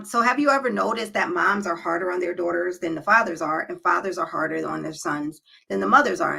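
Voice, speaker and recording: This is a woman lecturing her viewers on relationships in a direct, emphatic way. Her voice is strongly gravelly and a little husky, with a bright, pressing edge. She sits a touch low in pitch and keeps tossing in quick checks like "right?" to pull the listener along. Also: rough recording. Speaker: relationship advice vlogger. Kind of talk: direct-to-camera advice talk.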